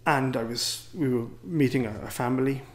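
An English-accented priest speaks to a gathering in a wry, rambling way, poking fun at himself as he goes. His voice sits at a middling pitch for a man. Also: normal speed. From England. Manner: wry, rambling, self-deprecating. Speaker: priest and teacher. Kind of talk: anecdotal talk to a gathering.

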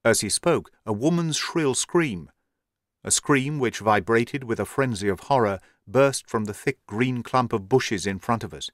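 A man giving a measured, steady narration of an audiobook. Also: medium pitch, dry recording, studio quality.

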